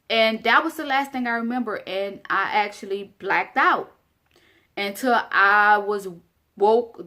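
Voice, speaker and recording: A woman's voice: medium pitch, fairly bright tone. A young woman vlogger telling a personal story straight to her viewers in a casual, earnest way, often repeating phrases for emphasis.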